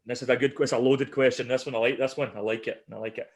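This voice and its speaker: A man's voice: medium pitch, fast. A man co-hosting a casual podcast, telling anecdotes animatedly and laughing as he goes. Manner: animated storyteller, laughs through his anecdotes. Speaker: podcast co-host.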